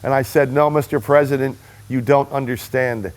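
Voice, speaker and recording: Here a rally supporter shares his own story on camera, earnest and emphatic. His mid-range voice keeps a steady tone at a normal speed, and he's offering a political testimonial.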